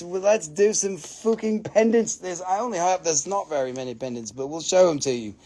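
An excitable man hosts a live crystal sales stream, gushing over each piece and swearing freely. His voice sits fairly high for a man. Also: moderate pace, few pauses.

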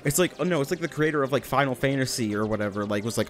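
A man's voice: medium pitch, lively intonation, rapid-fire, hardly any pauses, soft background music. Rambling young man joking over gameplay. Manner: rambling, joking, swears casually. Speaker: let's play commentator. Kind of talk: casual gameplay commentary.

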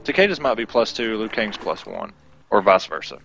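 A man giving play-by-play tournament commentary on a fighting game, analytical and quick to get excited at big moments. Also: lowish voice, vocal fry, faint music behind. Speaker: esports commentator.

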